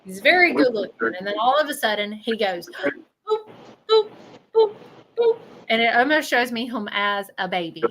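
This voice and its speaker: A woman's voice: a little high, expressive, fairly quick, hardly any pauses, bright, forceful tone, a little hiss or hum, rough recording. A woman working as a psychic medium, giving a live reading in a chatty way and checking in with 'okay?'.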